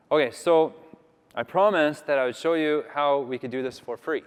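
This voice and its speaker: A man from Canada gives a loose, filler-heavy conference talk with a live demo. His voice is smooth and clear, at an ordinary pitch. Long reverb from a large hall hangs on his words. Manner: chatty, rambling, filler-heavy. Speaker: conference speaker.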